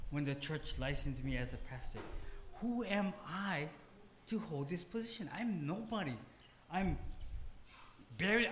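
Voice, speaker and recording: Self-deprecating pastor with a Hawaiian Pidgin accent. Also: male voice, sits high, a bit bright, slight background noise. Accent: Hawaiian Pidgin English. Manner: humorous, self-deprecating, emphatic storytelling. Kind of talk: sermon. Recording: roomy hall with faint ambience.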